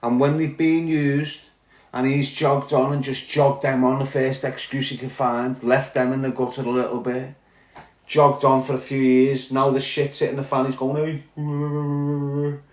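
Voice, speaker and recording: Blunt and furious, this podcast host from Liverpool, England swears heavily through a ranting monologue in his Liverpool accent. He talks at normal speed in a level, medium-pitched voice, and the room echoes.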